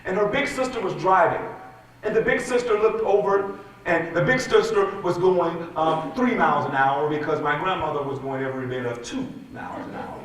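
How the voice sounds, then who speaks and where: A man with a fairly high voice tells an animated story as a keynote speaker, often turning to the audience directly. His voice rings with heavy hall echo and comes from some distance off the mic. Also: a little hiss or hum. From West Side Chicago. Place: large conference hall. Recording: echoey hall, voice from far off the mic.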